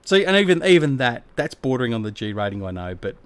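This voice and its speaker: Laid-back Australian man, smooth voice. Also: medium pitch, big pitch swings, fast, no room sound. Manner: laid-back, rambling, slangy. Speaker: game live-streamer. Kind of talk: casual live-stream chat, replying to viewers.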